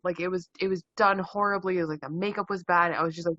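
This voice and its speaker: A young woman chats on a podcast in quick, animated, jokey rants full of swearing. Her voice is bright and a touch low. The recording is dry and dull, like a cheap mic. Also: dry recording. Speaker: podcast co-host. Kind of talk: casual podcast chat.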